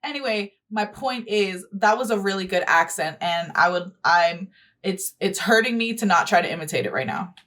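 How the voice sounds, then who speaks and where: A woman's voice: mid-range voice, animated, normal speed, fairly bright tone. A woman hosting a reaction video, talking bluntly and rambling with plenty of swearing. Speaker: YouTube host. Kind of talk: casual reaction commentary.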